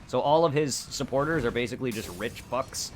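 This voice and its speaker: A young man streaming a game, chatting casually in a rambling, excitable way and swearing a lot. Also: mid-range voice, brisk, slight background noise. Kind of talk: casual gameplay commentary.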